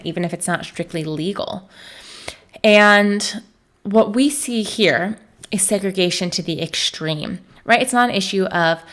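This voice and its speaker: A woman from the United States giving a recorded history lecture as a teacher, talking conversationally with frequent "um" and "right?" fillers. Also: lowish voice. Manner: puts on voices for quoted people.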